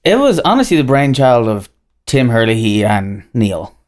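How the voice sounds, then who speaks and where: A man's voice: mid-range voice, sing-song, moderate pace, a little mellow. An Irish man from Ireland, a guest on a podcast, talking casually and rambling with plenty of ums and likes. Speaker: podcast guest, whiskey brand representative. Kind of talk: casual interview chat.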